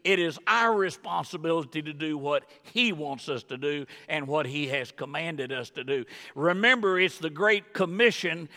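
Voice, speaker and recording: A man preaches with emphatic force, his gravelly voice climbing into high, excited bursts. His tone is sharp and bright. The long reverb of a big church sanctuary trails behind every phrase. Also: moderate pace, few pauses. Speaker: guest pastor. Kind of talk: sermon. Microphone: wireless body mic with battery pack.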